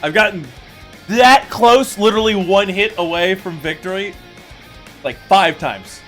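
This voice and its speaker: A man streaming a game, talking casually and profanely, venting in an animated way with loud mock outbursts. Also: high-pitched, a little slow, faint music behind. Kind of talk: casual gaming stream commentary.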